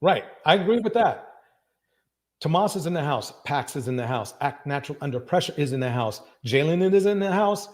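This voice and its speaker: A man hosting a live reaction stream. He talks with emphasis, repeats his phrases and breaks into loud bursts of agreement. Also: a little high, expressive, a little fast, few pauses. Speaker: livestream reaction host.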